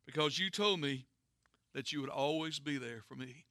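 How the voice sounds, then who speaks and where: A man's voice: fairly high pitch, normal speed, sharp tone, dry recording, clean studio sound. A man voicing a brave young schoolboy who trusts his father, speaking earnestly.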